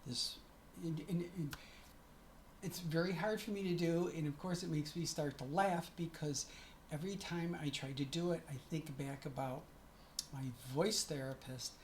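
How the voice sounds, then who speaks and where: A woman's voice: low-pitched, moderate pace, a little mellow, slight background noise. A middle-aged woman chatting to camera in a casual vlog, often stopping to correct herself. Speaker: vlogger.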